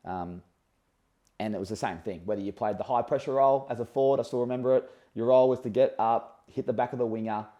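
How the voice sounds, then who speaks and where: A man's voice: mid-range voice, fast talker, lo-fi sound. An Australian man hosting a casual interview, chatting in long rambling questions and friendly banter. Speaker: podcast host, former footballer.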